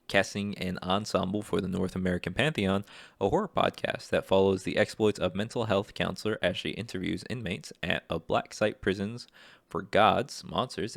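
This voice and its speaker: A man's voice: low voice, gravelly, no echo. A young man rambling hesitantly and self-deprecatingly as he browses voice acting jobs in a casual vlog. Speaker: aspiring voice actor. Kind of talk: casual screen-share vlog.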